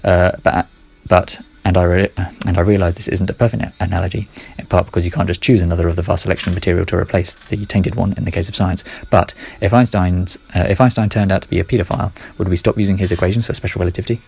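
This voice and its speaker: A man's voice: sits low, steady tone, quick pace, vocal fry, few pauses, darkish tone, breathy edge. A man talking through his ideas in a casual monologue, rambling, correcting himself and muttering asides under his breath.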